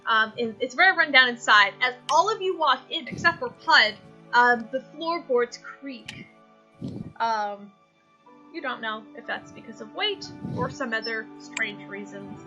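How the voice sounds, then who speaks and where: A woman's voice: a little high, animated, measured pace, pushed and bright, muffled recording. A woman narrating a tabletop game as game master, rambling loosely with lots of fillers and restarts. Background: music.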